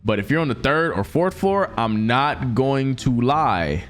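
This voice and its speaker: A man's voice: mid-range voice, expressive, measured pace, a bit bright, soft background music. A young man streaming, reacting to stories in emphatic, slangy casual talk aimed at his chat.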